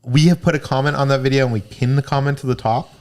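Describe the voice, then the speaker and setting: A young man co-hosting a casual livestream in a relaxed way. He chats and reads viewer comments aloud, at an ordinary, middle pitch for a man. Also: fast talker. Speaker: livestream co-host. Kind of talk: casual chat.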